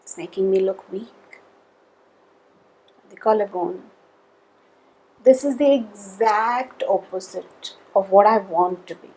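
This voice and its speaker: A woman leading a guided tapping session, calling out tapping points in a slow, measured way between spoken statements. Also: mid-range voice, warm tone, breathy edge, poor audio.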